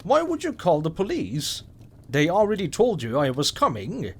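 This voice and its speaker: A man's voice: a little high, huge pitch swings, slow, husky, full character voice. A man voicing a bossy, defiant six-year-old girl who talks in an indignant, bratty way. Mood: smug.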